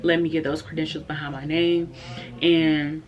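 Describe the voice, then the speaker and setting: A woman's voice: deep voice, little pitch movement, normal speed, lo-fi sound, faint music behind. A young adult woman telling a candid, heartfelt story in a casual vlog, chatty and full of fillers. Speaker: vlogger.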